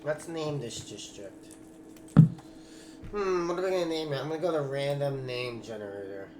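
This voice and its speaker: A man's voice: mid-range voice, expressive, normal speed, very noisy. A man giving casual commentary while building in a game; he talks loosely, swears when he gets frustrated, then apologizes. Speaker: Minecraft server host. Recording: echoey room, loud background music.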